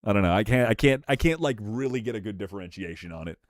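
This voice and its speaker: A man's voice: on the low side, animated, quick pace, no room sound, studio quality. A young man streaming live, chatting casually with his chat, swearing freely and laughing often. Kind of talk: livestream chat reaction.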